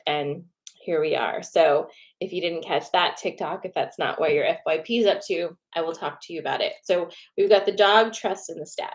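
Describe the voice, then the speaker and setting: A woman with a slightly low voice talks viewers through a casual card reading. She is chatty and encouraging and often checks in with "okay?" and "right?". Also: a little slow. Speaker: tarot card reader and host.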